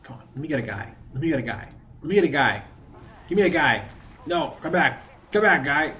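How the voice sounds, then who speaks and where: A man's voice: fairly high pitch, expressive, fairly quick, pushed and bright, a little hiss or hum. A man chatting casually while streaming a game, rambling between thoughts and throwing in mocking asides. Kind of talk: casual gaming stream chat.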